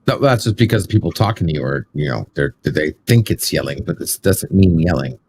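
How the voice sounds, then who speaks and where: A man in a casual debate, arguing his view with quick apologetic asides. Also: a bass voice, lively intonation, darkish tone, a little hiss or hum.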